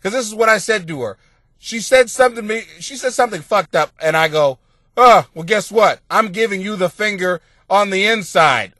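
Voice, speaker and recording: A man's voice: sits high, animated, normal speed, bright, forceful tone, dry recording, clean studio sound. A man hosting a comedy podcast, telling a rambling, profane story and laughing at himself. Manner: profane, laughs through his own story. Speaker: podcast host and comic.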